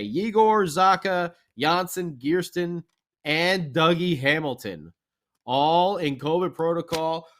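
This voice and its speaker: A man's voice: fairly high pitch, a bit bright. A man co-hosting a hockey recap podcast in an upbeat, rambling way with fillers. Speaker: podcast co-host. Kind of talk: casual hockey recap chat.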